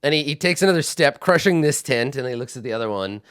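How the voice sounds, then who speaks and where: Man, game master, unhurried narration, resonant voice, dry. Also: mid-range voice, expressive, a bit bright, clear, resonant tone, dry recording.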